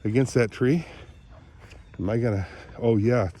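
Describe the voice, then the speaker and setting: An older man vlogging outdoors by the woods on a phone camera, rambling as he thinks aloud, often clearing his throat and a bit out of breath. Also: medium pitch, measured pace, warm tone, slight background noise. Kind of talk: casual morning vlog, thinking aloud outdoors.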